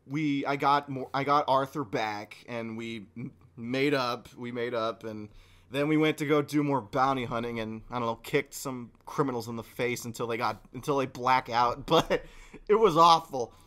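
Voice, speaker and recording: A man co-hosting a podcast, telling a story in casual chat and swinging from low mumbling to loud yelling. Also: moderate pace. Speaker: podcast co-host.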